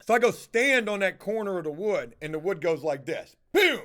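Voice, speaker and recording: A man chatting casually to his viewers, swearing often and telling an animated story. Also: sits high, a little fast. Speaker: house flipper vlogger. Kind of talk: casual livestream chat.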